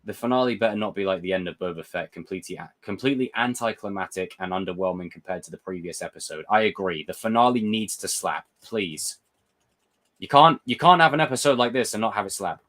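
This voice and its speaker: A young man hosting a live chat, excitable and swearing, answering viewer comments. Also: fairly low pitch, fast talker. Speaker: livestream host reviewing a TV episode. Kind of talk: casual live reaction chat.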